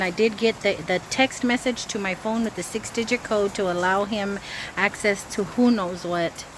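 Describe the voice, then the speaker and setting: A woman vlogging casually to her phone camera about a scam call she just got, chatty and anxious as she sets up a cookout by her grill. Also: mid-range voice. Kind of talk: casual vlog talking to camera. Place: outdoors by a grill. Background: wind and outdoor ambience.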